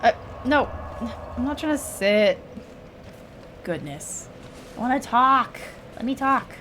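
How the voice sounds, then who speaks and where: Slow-talking woman streaming a game. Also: high voice, animated, sharp tone, a little hiss or hum. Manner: chatty, emotional, jokey reactions. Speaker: streamer playing a video game. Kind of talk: casual gameplay commentary.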